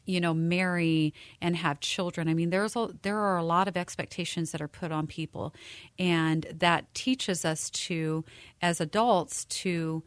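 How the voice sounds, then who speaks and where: A woman with a slightly low voice talks things through thoughtfully on a faith podcast, pausing often and adding fillers. The sound is dry and close, with no room echo around her. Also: steady tone. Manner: reflective, thoughtful, frequent fillers. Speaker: co-host. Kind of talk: casual faith-based podcast chat.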